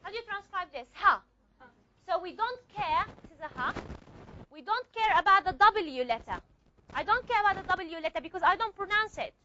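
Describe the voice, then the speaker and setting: A woman lectures a classroom on phonetics, repeating key points and stopping often to ask whether students are following. Her voice sits very high and sounds bright and sharp, moving up and down with energy. The recording is a little dull, with faint noise behind her. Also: animated, normal speed. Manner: repeats points and checks understanding with questions. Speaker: phonetics teacher.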